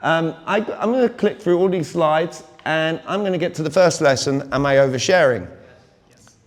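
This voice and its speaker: A British man in his forties giving an energetic live sales talk at a conference, constantly quizzing the audience. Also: fairly high pitch, normal speed. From Britain. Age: 40s. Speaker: conference speaker. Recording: long reverb of a big hall.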